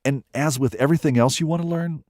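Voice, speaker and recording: A male reporter reading scripted radio narration into a close studio mic, measured and lively. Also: on the high side, no echo.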